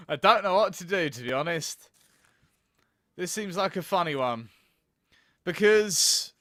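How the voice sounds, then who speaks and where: A man's voice: high-pitched, sharp tone, no echo, studio quality. A man playing a video game on camera, swearing, laughing and thinking aloud as he plays. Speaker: gaming video host. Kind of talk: let's play commentary.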